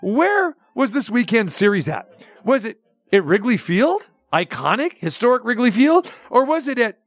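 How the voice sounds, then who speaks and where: A fired-up male sports radio host with a fairly high voice, firing off sarcastic rhetorical questions and hot takes. He swings between mock excitement and scoffing dismissal. A faint music bed plays under him. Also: normal speed, dry recording. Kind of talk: opinionated sports talk.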